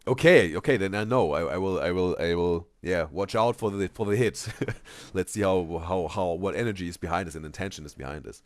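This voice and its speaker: Deep-voiced, gravelly, unhurried male streamer. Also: sing-song, no room sound, studio quality. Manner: halting, repeats words, reads chat aloud; drops to soft, near-whispered talk. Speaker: streamer reacting to videos. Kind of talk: live stream reaction chat.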